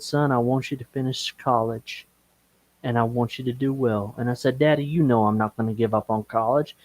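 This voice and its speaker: A man on a live stream call, telling a personal story slowly and with feeling. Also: mid-range voice, a little mellow, no echo. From Okeechobee, Florida. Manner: slow, emotional storytelling, breaks into singing gospel and country songs. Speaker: guest.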